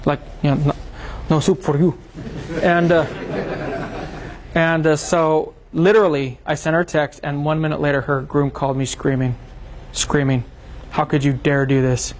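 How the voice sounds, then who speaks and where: Lively man telling a seminar story. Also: fairly high pitch, normal speed, a little hiss or hum. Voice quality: animated storyteller, acts out quotes. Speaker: seminar presenter. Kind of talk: seminar talk to a small group.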